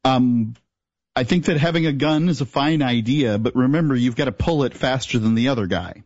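A man co-hosting a talk show, speaking in a measured, matter-of-fact way. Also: mid-range voice, darkish tone, dry recording, dull audio. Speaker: co-host. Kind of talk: casual talk show advice.

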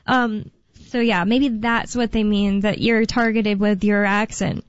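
A woman's voice: medium pitch, steady tone, a little slow, no echo. A woman co-hosting a talk radio show, chatting casually and rambling with lots of fillers. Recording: dull lo-fi radio broadcast sound.

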